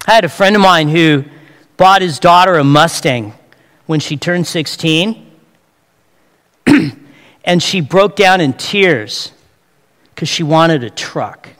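A man's voice: fairly high pitch, lively intonation, slow, pauses often, fairly bright tone. A man preaching a sermon in a chatty, joking way, throwing rhetorical questions at his congregation. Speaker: pastor. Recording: long hall reverb.

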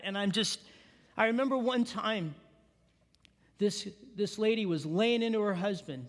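Guy pastor giving a sermon, high voice, echoey church hall. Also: moderate pace. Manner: animated storytelling, asks the congregation questions.

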